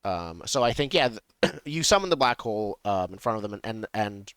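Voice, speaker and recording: Low-voiced man game master, halting. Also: sing-song, a bit bright, clean tone, no echo. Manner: halting, many fillers and restarts while improvising. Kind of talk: narrating a tabletop game.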